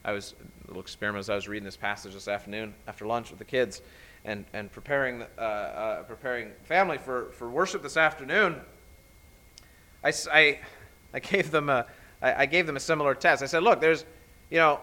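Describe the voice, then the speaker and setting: A middle-aged man preaching a sermon as a pastor, emphatic and animated, often restarting phrases. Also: mid-range voice, brisk.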